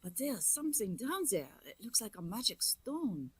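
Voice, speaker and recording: An eager village woman who carries an axe, with a lively, husky voice that swings up and down, as a woman at a game table plays her. She talks in short, earnest bursts. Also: on the high side, moderate pace, no room sound.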